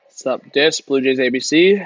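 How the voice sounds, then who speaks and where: A man's voice: medium pitch, moderate pace, dry recording, muffled recording. Chatty guy streaming hockey. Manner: chatty, reads and answers chat, lots of "like" and "man". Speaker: live-stream hockey commentator. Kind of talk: casual live-stream commentary.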